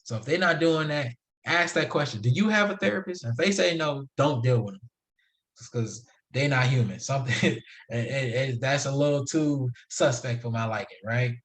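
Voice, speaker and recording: A man's voice: medium pitch, animated, moderate pace, a bit bright. A young man hosting a solo podcast, talking casually in a slangy, emphatic, preachy way. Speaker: podcast host.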